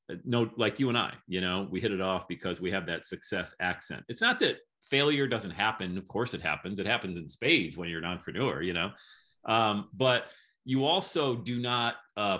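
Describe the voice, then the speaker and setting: Male podcast host, bright, forceful tone, slightly low pitch, chatty and encouraging. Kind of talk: casual podcast interview.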